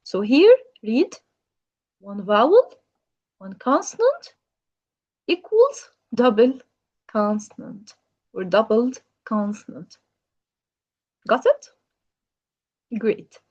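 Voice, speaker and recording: A woman's voice: a little high, big pitch swings, takes it slowly, pauses often, darkish tone, highs cut off. A woman teaching English grammar in a patient manner, asking the learner questions. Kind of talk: grammar lesson.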